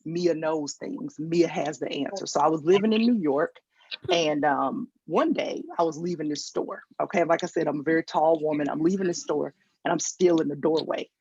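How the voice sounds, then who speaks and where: A woman's voice: low voice, normal speed, darkish tone, husky, dry recording. A woman from Georgia with a Southern accent, doing a virtual stand-up set, telling stories with acted-out quotes and self-mocking asides over a video call. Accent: Southern American. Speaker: stand-up comedian. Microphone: video call mic. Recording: dull lo-fi video call audio.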